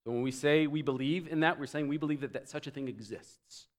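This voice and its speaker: A man preaching a teaching sermon, explaining doctrine and swinging between loud emphatic phrases and quiet low asides. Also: fairly quick. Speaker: pastor.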